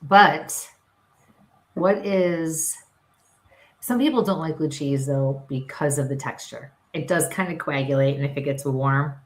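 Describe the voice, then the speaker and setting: A woman's voice: low voice, unhurried. A woman from Western New York with a local accent, co-hosting a casual livestream chat and telling stories with lots of laughter. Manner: animated storyteller, laughs often, acts out voices. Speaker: co-host. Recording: echoey room.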